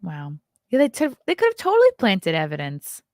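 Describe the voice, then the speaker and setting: A woman's voice: mid-range voice, huge pitch swings, brisk, darkish tone, dry recording, clean studio sound. A woman hosting a casual live stream, reading news aloud and adding sarcastic asides to her chat. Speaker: show host.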